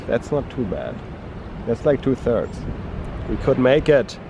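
A man talking in a monotone, feeling unwell, narrating a casual travel vlog outdoors on a coastal trail. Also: medium pitch, unhurried. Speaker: travel vlogger. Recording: outdoor noise behind the voice.

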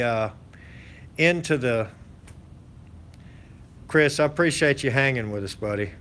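Man, channel host, casual live-stream chat, folksy, rambling, mid-pitched voice, faint background noise. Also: fairly bright tone. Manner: rambling, folksy, many fillers and restarts.

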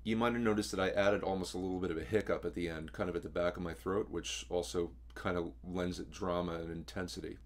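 A baritone man teaching singers how to imitate a rock vocalist, talking in a casual, throaty way that swallows his words. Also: level tone, fast talker, hardly any pauses.

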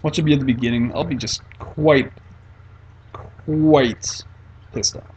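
A young man giving casual, excitable gameplay commentary, swearing and mock-frustrated. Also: mid-range voice, unhurried, husky, highs cut off. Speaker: let's play gamer.

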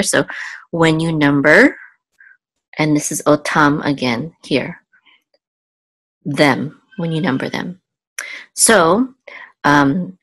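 A woman teaching biblical Hebrew word by word, slow and careful, with many ums and restarts. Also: low-pitched, no echo, low-quality recording. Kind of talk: patient word-by-word lesson.

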